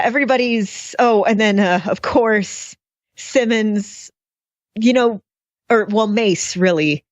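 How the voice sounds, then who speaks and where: A woman's voice: mid-range voice, darkish tone, no echo. A woman co-hosting a fan podcast, chatting casually about a TV episode in a sarcastic, often laughing way. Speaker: podcast co-host. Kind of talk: casual chat, TV episode discussion. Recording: dull, dry lo-fi sound.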